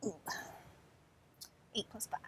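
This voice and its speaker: A woman's voice: slow, a bit bright, a little hiss or hum, rough recording. A woman playing a tabletop game, speaking tentatively and thinking aloud as she plans her character's moves. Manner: tentative, thinks aloud with restarts while planning. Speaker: player.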